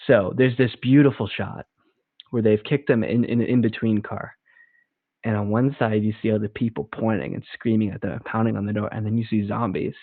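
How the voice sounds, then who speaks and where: Young guy rambling excitedly about films, lowish voice, tinny phone-ish sound, real dry. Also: brisk, dry recording. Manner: rambling, enthusiastic, acts out movie scenes. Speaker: podcast co-host. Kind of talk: casual chat.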